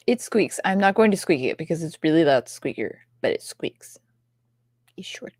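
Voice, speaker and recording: A woman co-hosting a casual livestream chat, playful, sometimes dropping into soft whispers as she shows off her toys. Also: lowish voice, animated, normal speed, breathy edge, no room sound, clean studio sound. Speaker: co-host.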